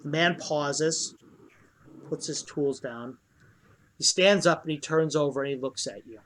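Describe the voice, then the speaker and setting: A man narrating as dungeon master in a tabletop role-play game, loose and halting with many fillers. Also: fairly high pitch, fairly bright tone, slight background noise.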